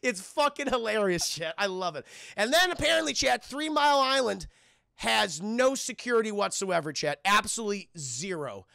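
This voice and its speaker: A sarcastic young man rambles through a spoiler film review for his live chat, swearing freely. His voice sits high and bright, with a heavy gravelly fry, and the sound is dry and close. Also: animated, brisk, no echo.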